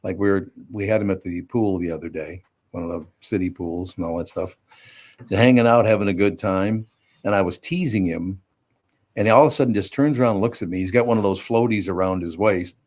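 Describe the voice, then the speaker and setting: Low-voiced older man hosting. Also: fairly quick, a little mellow. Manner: teasing, storytelling. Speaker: radio show host. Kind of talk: casual radio chat.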